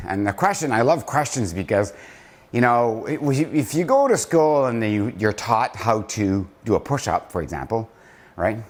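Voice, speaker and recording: In a laid-back motivational vlog, a company founder counts aloud through slow push-ups with viewers, then muses on slowing down. A bit breathless and reflective, he lowers and softens his voice for emphasis.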